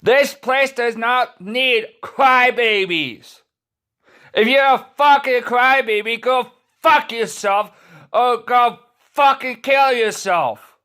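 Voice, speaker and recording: Guy with a really high bright voice, mad and cussing, talks slow. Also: clean tone. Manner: furious, swearing constantly, stumbling restarts. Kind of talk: angry profane rant to camera.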